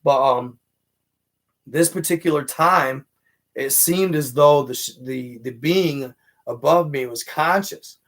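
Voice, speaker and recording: A man's voice: a little high, slow pace. A man hosting a casual livestream, rambling through a personal story with lots of fillers and restarts. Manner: rambling, filler-heavy, animated retelling. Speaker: livestream host.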